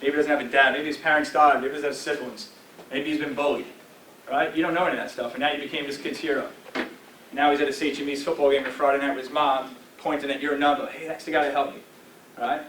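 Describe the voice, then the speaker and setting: A man's voice: medium pitch, flat delivery, quick pace, a bit bright, far from the mic, a little hiss or hum. Man in his forties coaching a team. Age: 40s. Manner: direct, coaching tone with frequent "all right?" and "right?". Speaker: guest speaker addressing a football team. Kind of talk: motivational talk. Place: team meeting room. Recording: roomy echo from afar with faint ambience.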